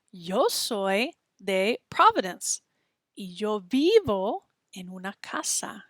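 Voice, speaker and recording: A woman's voice: a little high, fairly bright tone, no echo, clean studio sound. A woman teaching a beginner Spanish lesson, patiently modeling sounds for students to repeat. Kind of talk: slow, clear textbook lesson.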